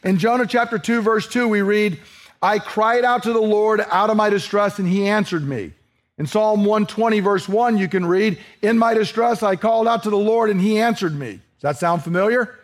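Earnest preacher man with a high voice. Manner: earnest, emphatic, slows down for scripture readings. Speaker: pastor. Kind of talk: expository sermon.

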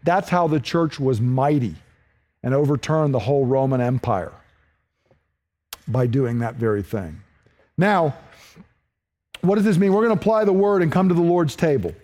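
A man preaching a sermon, earnest and questioning, moving between emphatic points and hushed, slowed lines. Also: a little high, lively intonation. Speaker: pastor.

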